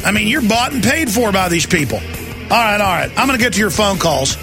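A man's voice: high voice, expressive, brisk, over music. A man hosting a talk radio show, ranting and mocking his targets with sarcasm. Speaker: radio host.

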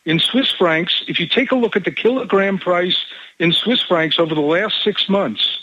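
A man calling into a radio show, laying out his points one at a time in a measured way. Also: high voice, sharp tone, dry recording. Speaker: caller. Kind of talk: call-in radio talk. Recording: lo-fi phone line.

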